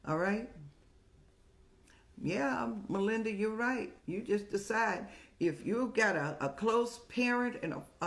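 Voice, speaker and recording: An older woman hosting a live-streamed advice show, talking in a motherly, preachy way and telling stories with laughs. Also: mid-range voice. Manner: motherly, preachy, addresses viewers as "child".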